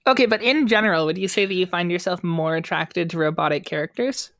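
A woman's voice: on the low side, fast, no echo, studio quality. A woman hosting a casual podcast, chatty, asking questions and explaining her views at length. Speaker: podcast host. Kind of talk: casual chat.

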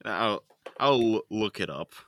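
A man's voice: lowish voice, animated, unhurried, fairly bright tone, no room sound. A man co-hosting a podcast in casual chat, laid-back and sweary, laughing often. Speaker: podcast co-host.

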